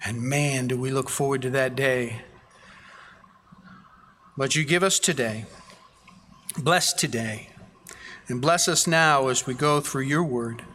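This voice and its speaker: A man's voice: mid-range voice, slow, pauses often, bright, forceful tone, long reverb tail, slight background noise. A man preaching a sermon as a pastor, earnest, building emphasis through repeated phrases.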